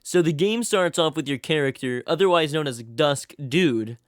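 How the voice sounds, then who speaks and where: A man's voice: on the high side, expressive, moderate pace, hardly any pauses, noisy background. A young man giving a comedic, scripted video game review voice-over, full of sarcastic hype and crude jokes.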